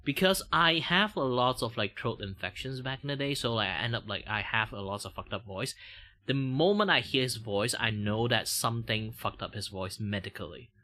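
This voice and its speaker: A man with a Malaysian accent, medium-pitched and expressive, talks at a normal pace with a sharp edge. He's a VTuber drawing on stream, chatting loosely and rambling, his grammar slack and his speech packed with fillers and restarts.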